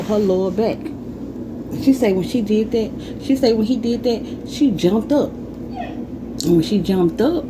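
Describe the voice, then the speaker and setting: A woman telling a casual storytime with slangy, profane, animated delivery. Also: mid-range voice, background noise.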